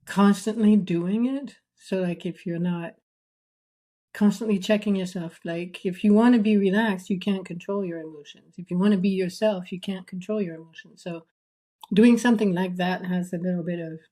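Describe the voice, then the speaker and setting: Female co-host, medium pitch, casual thinking-aloud chat, lots of fillers. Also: steady tone, normal speed, warm tone.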